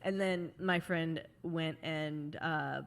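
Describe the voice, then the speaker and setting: A woman's voice: sits low, fairly even intonation, takes it slowly, gravelly. A woman, a podcast host and wedding photographer, telling a story in a laid-back, casual chat. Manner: laid-back anecdotal delivery.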